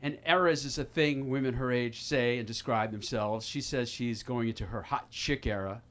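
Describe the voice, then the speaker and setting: A man in his fifties doing a self-deprecating stand-up set at an open mic, halting and restarting often. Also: medium pitch, fairly bright tone. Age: 50s. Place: small comedy club stage with audience.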